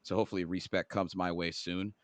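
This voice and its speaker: A man's voice: deep voice, little pitch movement, a little fast, dry recording. A man co-hosting a gaming podcast, talking casually in a rambling way and often stumbling over his words. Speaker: podcast co-host. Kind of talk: casual chat.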